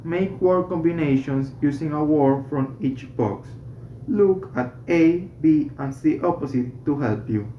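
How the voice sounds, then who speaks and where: A student slowly reading a medical English textbook aloud, correcting small slips along the way. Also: mid-range voice, a little hiss or hum. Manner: slow, careful reading with self-corrections. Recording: roomy, slightly dull home recording.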